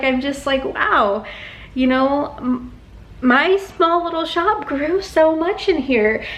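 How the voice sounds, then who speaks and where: Woman vlogger, higher voice, casual chat, heartfelt and rambling, packing up a home office. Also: a bit bright. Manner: heartfelt, rambling, many fillers. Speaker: vlogger and sticker shop owner. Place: apartment home office being packed up.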